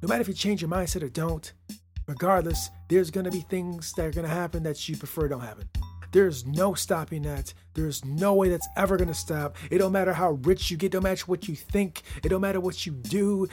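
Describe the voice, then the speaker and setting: A man hosting a motivational podcast, talking straight to the listener, often tagging lines with "right?" and swinging from loud emphasis to quiet asides. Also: high-pitched, fairly even intonation, fairly quick, faint music behind. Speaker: podcast host.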